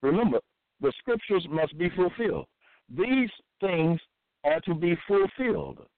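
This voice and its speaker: A self-styled preacher reads scripture aloud and comments on it in a slow, halting monologue, full of fillers, restarts, and repeated phrases. His somewhat high voice has lively intonation. The dry recording sounds thin and tinny, like a phone, with no room echo.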